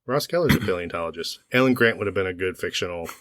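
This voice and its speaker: A man's voice: deep voice, fast, a bit bright, no room sound, studio quality. A young man co-hosting a podcast, making wry joking asides in casual chat. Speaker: podcast co-host. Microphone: podcast microphone.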